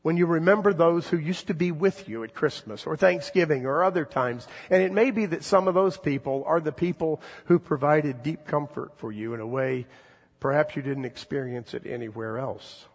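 A middle-aged male pastor delivers a gentle, earnest sermon, leaning into key words with slow emphasis. His voice sits a little high and carries a husky edge. The sound hangs in the long reverb of a church hall.

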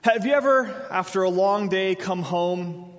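A man's voice: sits high, a little slow. A man preaching a sermon, telling stories with humor and acting out little asides. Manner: animated storytelling with humor and acted-out asides. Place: church sanctuary. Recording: long reverb of a large hall.

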